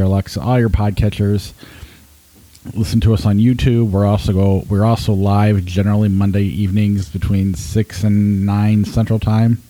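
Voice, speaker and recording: A man's voice: lowish voice, warm tone, dry recording, poor audio. A man hosting a movie review podcast, chatting loosely, laughing at his own slips and running through the show's plugs. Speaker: podcast host. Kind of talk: casual podcast chat.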